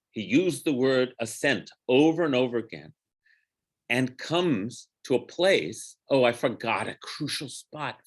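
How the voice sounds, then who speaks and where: A rabbi in a relaxed Torah study class, speaking at an unhurried, deliberate pace with a mid-range male voice. He drifts off on side remarks, slows down to chant Hebrew phrases and stops to correct himself as he works through the text. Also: mid-range voice, husky.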